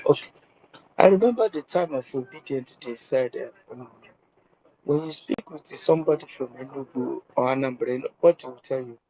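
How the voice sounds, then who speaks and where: A man's voice: normal speed, mellow. A man calling in from a public place, hesitant and apologetic, repeating himself as he makes his point. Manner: speaks low at first, in a public place. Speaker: caller. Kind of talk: live audio-room call. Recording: muffled lo-fi phone line with faint background noise.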